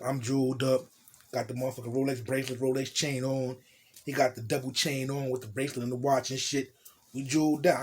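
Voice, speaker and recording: A young man from New Jersey casually telling a profane, animated storytime tale in street slang, acting out what people said. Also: medium pitch, slightly rough.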